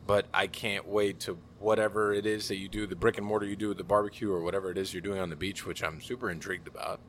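A man's voice: fairly low pitch, pushed and bright, a little hiss or hum. A man hosting a casual chat in a laid-back, joking way.

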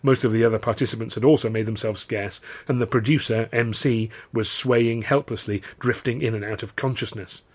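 Brief: male author-narrator, husky, brisk and wry. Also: on the low side, fairly even intonation. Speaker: author reading his novel. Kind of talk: scripted narration.

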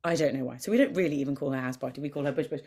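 A woman guest on a podcast, chatting and telling lively anecdotes, acting out what she and others said. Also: very deep voice, racing. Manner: animated storyteller who acts out voices and quotes.

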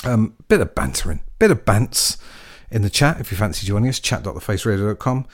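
A man's voice: on the low side, sing-song, fairly quick. An English man hosting a radio music show, talking in a chatty, jokey, rambling way with plenty of fillers. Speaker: radio DJ host. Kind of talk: casual radio presenting.

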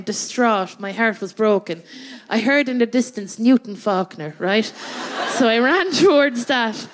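This Irish woman, a comedian and guest co-host, spins a comic tale for a live theatre crowd, chatting away and laughing as she goes while tossing in "right?" to keep the audience with her. Her voice sits a little high, with a faint hiss or hum in the sound.

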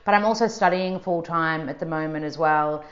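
A woman's voice: low voice, moderate pace, lo-fi sound. A woman, a chatty, bubbly podcast guest who laughs often. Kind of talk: casual chat.

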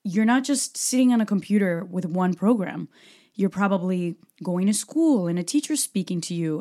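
A woman's voice: fairly low pitch, mellow. A woman from Brazil hosting a solo Q&A podcast, talking passionately and emphatically. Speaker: podcast host.

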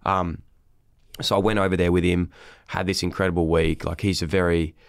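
Deep-voiced Australian podcast host. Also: male voice, little pitch movement, normal speed, clear, resonant tone, dry recording, studio quality. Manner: rambling, swears freely, trails off and restarts. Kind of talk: casual podcast chat.

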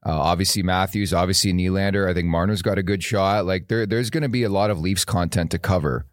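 A man's voice: sits low, quick pace, no room sound, clean studio sound. A man co-hosting a live sports podcast, eager and talkative. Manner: excited, fan-like, reads ads. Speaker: podcast co-host. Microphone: studio microphone.

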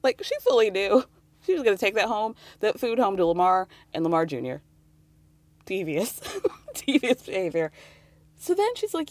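A woman with a mid-range voice runs a casual podcast recap, loose and sarcastic, slipping into quick quotes of the people she mocks. She sits close to the mic in a dead, dry space. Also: medium pitch, very animated, darkish tone, no echo. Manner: chatty and sarcastic, laughs often, drifts in and out of quoting. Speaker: podcast host.

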